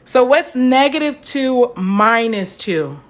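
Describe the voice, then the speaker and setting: A woman's voice: a little high, animated, takes it slowly. A young woman teaching a live math lesson, chatty and encouraging, stopping to answer viewer comments.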